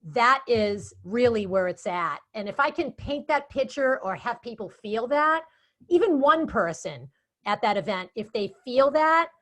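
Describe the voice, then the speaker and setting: Boston-accented woman, interview guest, animated chatty delivery. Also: on the high side, measured pace. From Boston area. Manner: chatty, animated storytelling with quoted asides. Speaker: guest speaker and event moderator. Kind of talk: casual interview chat.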